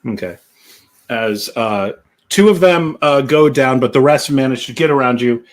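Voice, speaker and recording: A man running a tabletop role-playing game, narrating scenes slowly and deliberately. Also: mid-range voice. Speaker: game master.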